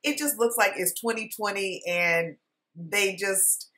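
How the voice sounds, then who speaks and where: A woman's voice: medium pitch, measured pace, bright, forceful tone. A woman hosting a casual vlog, reviewing a TV series in a rambling, chatty way full of fillers. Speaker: TV show reviewer, channel host.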